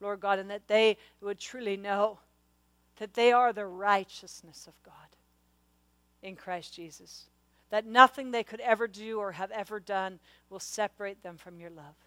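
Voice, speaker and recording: A woman's voice: medium pitch, moderate pace, clean tone, no echo, rough recording. Passionate woman preacher, dry sound. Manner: passionate, rising to loud exhortation. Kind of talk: sermon.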